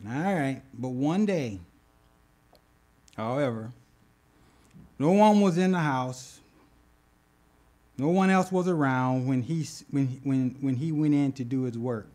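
A man preaching a sermon, retelling scripture with animated bursts and asking the congregation "okay?". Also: medium pitch, slow, long pauses. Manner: animated, rises loud when acting out scripture; addresses congregation with "okay?" asides. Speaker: pastor.

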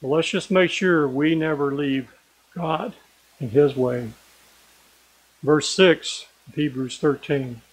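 An earnest man preaching a sermon, his voice sitting a little higher than most men's. He slows down and leans on key words as he reads scripture and drives his points home. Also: poor audio.

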